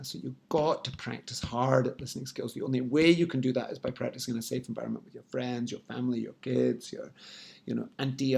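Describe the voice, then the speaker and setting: Gravelly-voiced man coaching on sales. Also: medium pitch, a little mellow. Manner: coaching, direct, frequent "yeah, right?". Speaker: sales trainer. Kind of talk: instructional talk.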